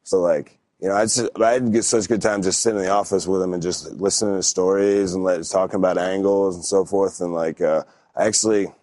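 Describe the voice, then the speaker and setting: A man's voice: sits low, fairly even intonation, brisk, a little mellow, dry recording. A man in his thirties, a wrestler guest on a podcast, telling stories in a laid-back, rambling way with lots of fillers and restarts. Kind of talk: casual storytelling interview.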